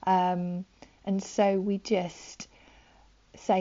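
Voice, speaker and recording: A woman giving a gentle, conversational sermon, soft-spoken with frequent likes and ums, on a dull lo-fi recording. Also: mid-range voice, fairly even intonation, measured pace, gravelly. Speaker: preacher.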